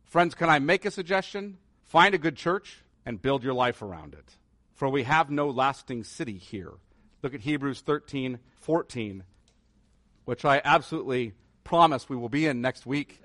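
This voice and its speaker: A man's voice: mid-range voice, lively intonation, normal speed, a bit bright, no echo, studio quality. A man preaching a sermon as pastor, earnest and rising to emphatic declarations.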